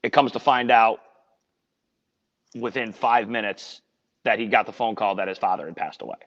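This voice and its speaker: A man's voice: on the low side, fairly even intonation, normal speed, a bit bright. A man working as a sports radio reporter, telling a story in a casual podcast chat, earnest and rambling with frequent restarts. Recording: dull lo-fi audio with long reverb.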